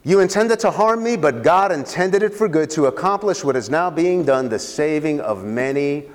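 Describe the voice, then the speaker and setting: A man's voice: on the high side, lively intonation, normal speed, long reverb tail. A man preaching a sermon. He asks the congregation questions and repeats key phrases for emphasis. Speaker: pastor.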